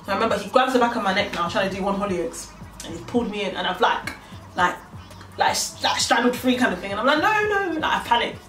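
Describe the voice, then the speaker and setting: This young woman, a vlogger, talks fast at medium pitch with a slightly bright tone while acting out both people in a casual, slangy story. Faint music, a distant mic, and an echoey room shape the sound.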